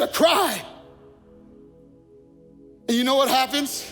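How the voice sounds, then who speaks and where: A man preaching a sermon as pastor, impassioned and rising to shouted peaks. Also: extremely high pitch, expressive, unhurried, long pauses. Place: church sanctuary. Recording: long reverb of a church hall, faint music.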